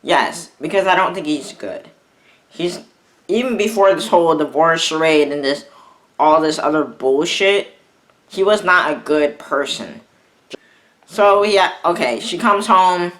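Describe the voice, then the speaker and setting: A young man speaks to his camera in a slow, unhurried way, telling a personal story. His voice is bright and somewhat tense. He rambles and keeps breaking off to restart his sentences. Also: fairly high pitch, expressive. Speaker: vlogger.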